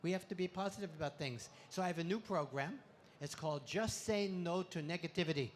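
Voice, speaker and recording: A man's voice: high-pitched, a little fast, slight background noise. Playful punning male stand-up comic. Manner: punning, playful delivery with sudden loud swells. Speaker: comedian. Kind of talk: stand-up comedy talk. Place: expo stage before a live audience.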